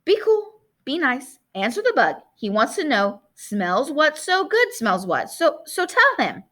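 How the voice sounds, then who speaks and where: A woman voicing a nervous young boy who speaks in a hushed, hesitant way while trying to stay calm. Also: high-pitched, a little slow, full character voice.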